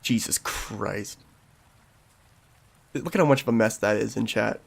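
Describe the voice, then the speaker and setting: A man giving relaxed let's-play commentary, chuckling and reading dialogue aloud. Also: on the low side, unhurried, vocal fry. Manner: laid-back, chuckling, reads dialogue aloud. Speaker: streamer.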